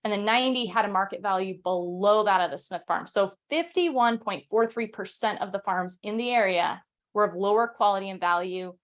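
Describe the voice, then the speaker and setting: Young woman host rambling about history at home, lots of ums, restarts, reads quotes out. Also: mid-range voice. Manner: fast, chatty, many fillers and restarts, reads quotes aloud. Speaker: podcast host. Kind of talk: casual history talk. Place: home recording setup.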